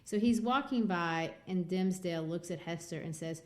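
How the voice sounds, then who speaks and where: A woman hosting a literature podcast, retelling and analyzing a novel with lively, filler-laden speech. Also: lowish voice, moderate pace, few pauses. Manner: animated retelling with many fillers. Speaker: podcast host.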